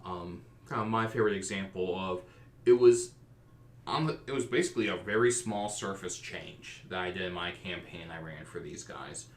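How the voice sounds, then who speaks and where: A man hosting a podcast and recounting tabletop campaigns he ran as game master in animated storytelling. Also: sits low, normal speed. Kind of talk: casual podcast discussion. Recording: roomy echo.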